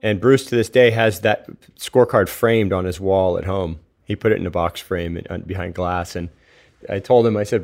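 A man's voice: low-pitched, normal speed, darkish tone. A man, a professional surfer, casually recounting anecdotes with fillers and quoted dialogue.

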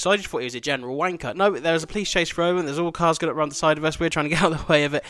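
A man's voice: on the high side, racing, few pauses, fairly bright tone. A man hosting a podcast, telling a rambling, sweary travel story with laughing asides. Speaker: podcast host.

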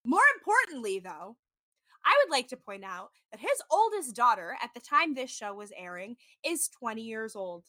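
A woman's voice: a little high, sing-song, moderate pace, sharp tone, dry recording. A woman hosting a casual podcast, recapping a reality show in a chatty way with lots of "like". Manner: chatty, heavy use of "like", mimics people in quotes. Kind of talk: casual chat.

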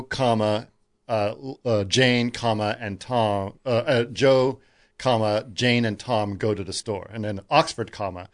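A man's voice: medium pitch, no room sound, studio quality. A man in a casual chat, rambling and searching for words with lots of uh's.

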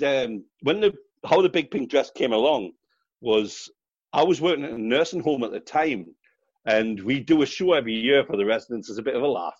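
Middle-aged Geordie man, chatty and quick to laugh, dry and muffled audio. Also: medium pitch, dry recording. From North East England. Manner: chatty storyteller, laughs often. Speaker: guest, charity fundraiser runner. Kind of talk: casual interview chat.

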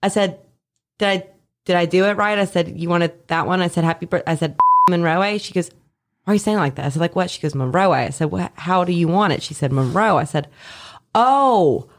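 Woman, former nurse, casual storyteller; animated, profane, mimics voices, laughs often. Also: lowish voice, quick pace. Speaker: former labor and delivery nurse. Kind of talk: casual chat.

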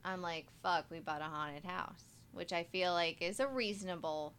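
A woman co-hosts a chatty podcast, her voice bright and forceful. She reads listener stories aloud, stops to toss in asides, and laughs often. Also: lowish voice, normal speed, a little hiss or hum. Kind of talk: casual chat.

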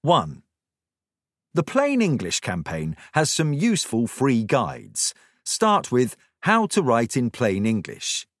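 A man narrates a scripted writing lesson with a middle-pitched voice that rises and falls a great deal. His delivery is measured and instructive, with emphasis on key words. The sound is dry and close. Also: no room sound.

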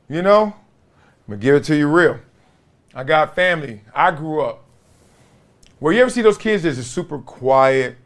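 A man hosting a podcast, talking casually in a slangy, animated monologue that swings between loud bursts and low asides. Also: moderate pace, pauses often. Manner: slangy, preachy. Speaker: podcast host.

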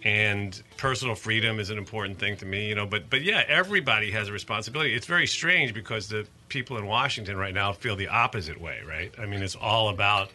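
A man's voice: lowish voice, fast, hardly any pauses, soft background music. A man speaking as an interview guest in a casual, earnest way, telling stories with plenty of energy. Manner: earnest, animated storyteller. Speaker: guest, musician and advocate.

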